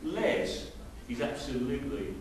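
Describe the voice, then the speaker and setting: Unhurried and mid-range in voice, a middle-aged pastor delivers a conversational sermon to a congregation in a church hall, leaning on rhetorical questions. The recording comes from a distant microphone in a very echoey space, with faint hiss.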